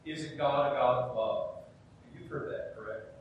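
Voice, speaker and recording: A man's voice: a little slow, phone-quality sound. A middle-aged man, preaching a sermon as a pastor, emphatic, with rhetorical questions and acted-out asides. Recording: very echoey hall, heard from a distance, faint rumble.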